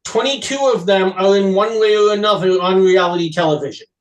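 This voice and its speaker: A man co-hosting a podcast, chatting casually and giving measured, thoughtful commentary. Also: sits high, rough recording. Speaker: podcast co-host. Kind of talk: casual chat.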